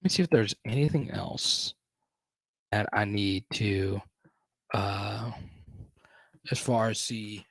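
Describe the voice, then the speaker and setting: A man's voice: on the low side, takes it slowly, pauses often, no echo. A man hosting a casual live stream, chatting and reading viewer comments aloud.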